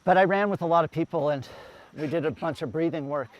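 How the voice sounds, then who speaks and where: An endurance coach works with a group outdoors, explaining running and swimming cadence step by step and counting breaths aloud in rhythm. His voice is on the high side and he talks fast.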